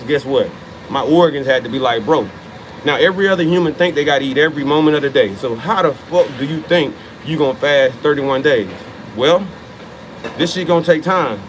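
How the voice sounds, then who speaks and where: Man, 30s, fitness motivator: fired-up, profane, hammers lines by repeating them. Voice sits a bit high, with a faint hum behind. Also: poor audio. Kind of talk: motivational monologue.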